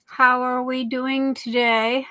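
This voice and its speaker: A woman hosts a relaxed livestream in an unhurried, chatty way, warmly greeting each viewer by name and calling them darling. Her voice sits high and bright, and the recording is dry and close with little room sound. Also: dry recording, low-quality recording. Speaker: livestream host. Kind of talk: casual livestream chat.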